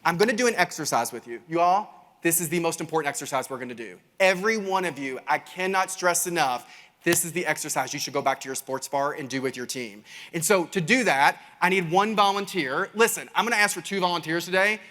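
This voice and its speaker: A man with a Kentucky Southern accent giving an animated keynote talk, telling stories to a crowd and calling them y'all. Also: fairly high pitch, fairly quick. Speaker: keynote speaker. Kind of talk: energetic keynote storytelling. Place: large conference stage. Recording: reverberant conference hall.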